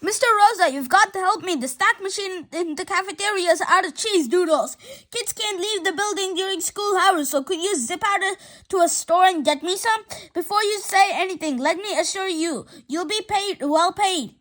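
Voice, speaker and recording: A brash, scheming schoolboy, read in a very high voice by a woman. He rants in a dramatic, ranting way, the way a storybook kid's lines come across in an audiobook. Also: moderate pace, fairly bright tone. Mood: pleading. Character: brash scheming sixth-grade boy. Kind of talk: audiobook character reading.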